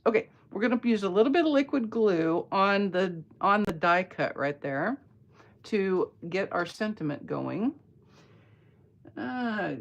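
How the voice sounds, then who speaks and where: A woman, chatting playfully with viewers while demonstrating card-making live. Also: lowish voice. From Atlanta area, US. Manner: chatty and playful, bantering with viewers mid-demo. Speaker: craft demonstrator.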